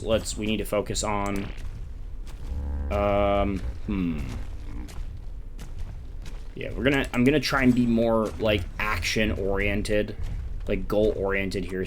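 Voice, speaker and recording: Rambling low-voiced man playing a game. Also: slight background noise. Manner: rambling, self-interrupting, chatty. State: sleep-deprived. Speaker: gaming YouTuber. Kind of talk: casual gameplay commentary.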